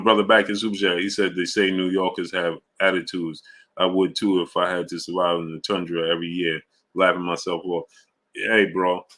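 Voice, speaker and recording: A New York man hosts a casual livestream, running through viewer names with slangy greetings. His voice sits low. It has a bright, forceful edge. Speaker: livestream host.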